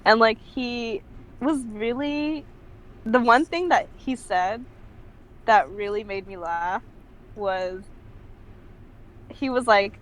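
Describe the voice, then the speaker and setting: A woman's voice: fairly high pitch, takes it slowly, long pauses, low-quality recording. A young woman telling a casual story as a podcast guest, her talk full of "like". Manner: chatty, fills speech with "like".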